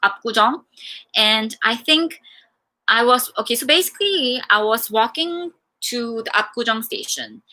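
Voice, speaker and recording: A woman's voice: on the high side, unhurried. A young woman from Singapore answering viewer questions in a casual, chatty way, telling stories with lots of fillers. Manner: chatty, animated storytelling with many fillers. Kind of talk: casual live Q&A chat.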